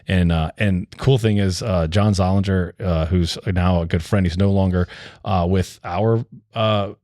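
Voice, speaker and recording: A man's voice: low voice, fairly even intonation, measured pace, darkish tone, dry recording, clean studio sound. A man, a brewery co-founder, telling his story in a casual podcast interview, rambling with lots of fillers. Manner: rambling, filler-heavy, restarts a lot.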